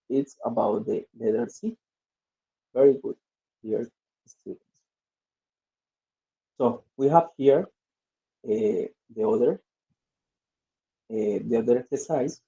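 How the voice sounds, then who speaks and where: A man's voice: mid-range voice, gravelly, mellow. A male English teacher, reading exercises aloud and drilling word stress in an online lesson. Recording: dull lo-fi audio.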